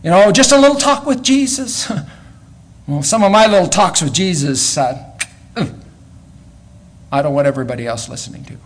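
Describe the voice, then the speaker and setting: A man preaches an animated sermon in a high-pitched voice at a moderate pace, pausing often. He swings between loud exclamations and quiet asides, repeating words as he goes.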